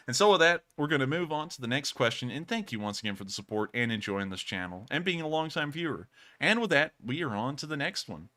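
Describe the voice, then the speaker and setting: A bright, forceful male voice carries this livestream host. He talks casually and earnestly in long, rambling runs and keeps thanking his viewers. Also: mid-range voice. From United States.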